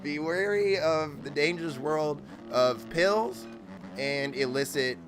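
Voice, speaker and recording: Over music and the engine noise of a motorbike game, a man with a higher voice speaks slowly while live-streaming motocross. His chat is loose and profane, rambling and full of "like" and "dude."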